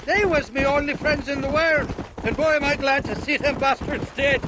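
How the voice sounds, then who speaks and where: An actor with an Irish accent playing a crude, boastful drunk who rambles and wheedles in a video game cutscene. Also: male voice, extremely high pitch, steady tone, normal speed, noisy background. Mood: blustering. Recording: game audio with outdoor ambience.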